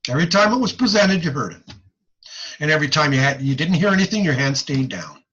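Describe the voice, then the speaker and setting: A man teaching audiology in a recorded online lecture, folksy and animated, checking in with "okay?" as he goes. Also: fairly high pitch, fast, husky, muffled recording.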